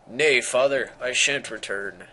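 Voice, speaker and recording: A man's voice: medium pitch, a little slow, a little hiss or hum. A man reading the lines of a young princess in a stage play, in his own voice with archaic, theatrical wording. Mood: pleading. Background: loud game music.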